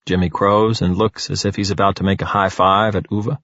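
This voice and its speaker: A man narrating an audiobook in an expressive, animated storytelling manner. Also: low voice, normal speed, no room sound, highs cut off.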